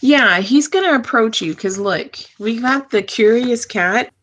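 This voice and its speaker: Slow-talking woman tarot reader. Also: a little high, lively intonation, a bit bright. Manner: slow, drawn-out, talks to the cards and angels. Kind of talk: live tarot reading.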